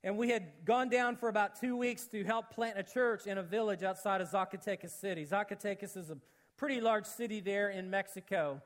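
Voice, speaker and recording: A man preaching a sermon, telling a mission story with jokes and acted-out quotes, then turning earnest and quiet. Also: fairly quick. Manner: animated, jokey, acts out quotes, shifts to low earnest tone. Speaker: pastor.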